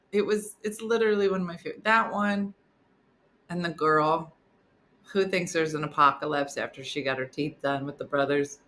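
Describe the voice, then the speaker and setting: Animated chatty woman, lowish voice. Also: normal speed. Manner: animated, acts out funny videos in high squeaky voices. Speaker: comedian hosting a live morning stream. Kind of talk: casual chat reading comments.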